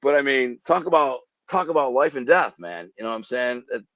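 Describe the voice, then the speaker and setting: Animated man telling dramatic stories. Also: mid-range voice, fairly quick, no echo, lo-fi sound. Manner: vivid, acts out gunshots with sound effects. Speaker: guest telling life stories. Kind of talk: animated storytelling.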